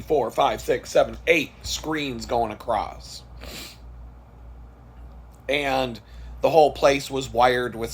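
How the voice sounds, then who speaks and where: A man with a husky, slightly rough voice tells a story to the camera in a casual vlog. He talks bluntly and swears freely. He often laughs at his own story. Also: mid-range voice. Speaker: vlogger.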